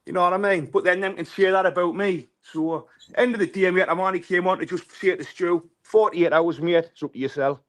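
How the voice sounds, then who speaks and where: A man's voice: sits high, steady tone, brisk. A man with a northern English accent calling in to a live stream, ranting bluntly with heavy swearing and repeating himself. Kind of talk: casual ranting call-in.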